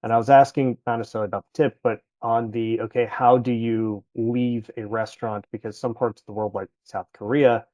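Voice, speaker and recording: A man's voice: mid-range voice, level tone, fairly quick, hardly any pauses, mellow, no room sound, highs cut off. A man, chatting casually as a podcast guest about his travels, rambling and correcting himself as he goes.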